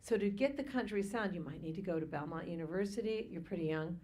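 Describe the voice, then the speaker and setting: A woman's voice: lowish voice, fast talker, mellow. A woman voice teacher judging a singer, explaining technique in an instructive, practical way. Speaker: vocal teacher and judge. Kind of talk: spoken critique.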